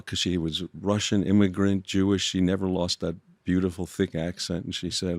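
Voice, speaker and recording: An older man as a podcast guest, speaking in a gentle, thoughtful way and often stopping to restart a sentence. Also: sits low, flat delivery, moderate pace, dry recording. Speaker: guest author. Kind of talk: reflective storytelling conversation.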